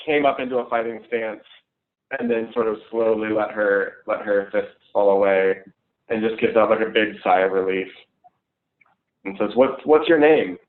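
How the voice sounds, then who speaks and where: A man playing a tabletop game, describing his character's moves in a relaxed manner over an online call. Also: fairly low pitch, normal speed. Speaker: player. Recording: phone-like online call audio.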